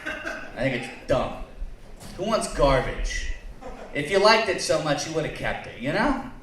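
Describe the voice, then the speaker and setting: A man's voice: fairly high pitch, very animated, a little slow, fairly bright tone. A man performing a stand-up comedy set in a bar, crude, rambling and self-mocking. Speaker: stand-up comic and co-host. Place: bar lounge stage. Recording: echoey bar room, faint noise, distant mic.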